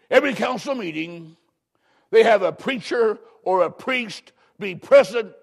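A man preaching a revival sermon, urgent and emphatic, swinging from shouted lines to hushed ones. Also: sits high, creaky, husky.

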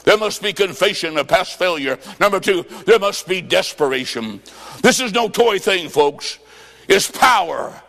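A man's voice: high-pitched, expressive, unhurried. Man, revival preacher, fervent, storytelling, long hall reverb, church. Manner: fervent, shouting at peaks, acts out quotes.

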